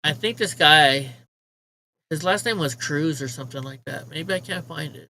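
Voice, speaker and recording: A man's voice: fairly high pitch, moderate pace, bright, forceful tone, slight background noise, rough recording. A man hosting a casual livestream, ranting with profanity and mocking remarks while he talks to his chat. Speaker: livestream host.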